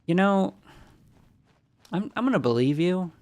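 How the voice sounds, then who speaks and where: A man with a high-sitting, expressive, slightly mellow voice streams a video game at a measured pace. He rambles casually, answers chat and makes jokey asides, his nose stuffy from allergies, in casual live-stream talk while playing.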